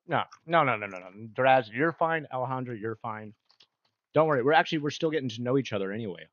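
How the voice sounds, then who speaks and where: A man's voice: mid-range voice, no room sound, dull audio. A man chatting casually with his stream viewers, rambling and laughing often. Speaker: livestreamer. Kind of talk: casual livestream chat with viewers.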